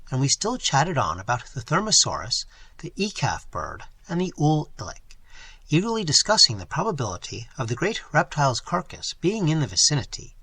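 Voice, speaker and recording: Guy narrating an old adventure story, bright husky voice, swoops up and down a lot. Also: on the high side, no room sound. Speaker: audiobook reader. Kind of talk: first-person story narration.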